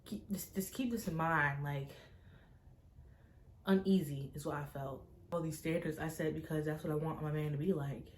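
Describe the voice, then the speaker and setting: A young woman, a vlogger, recounting a personal story to camera in an animated, tense way, full of fillers. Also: low voice, normal speed. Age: young adult. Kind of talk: casual storytime vlog.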